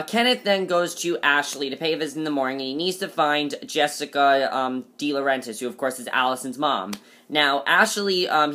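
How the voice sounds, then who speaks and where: A man's voice: on the high side, pushed and bright. A man recapping a TV episode in a casual, chatty way, with many fillers and restarts and emphatic opinions. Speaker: TV episode reviewer.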